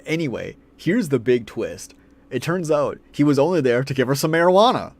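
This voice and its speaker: A man's voice: medium pitch, expressive, moderate pace. A man ranting through a film review in a profane, exasperated way.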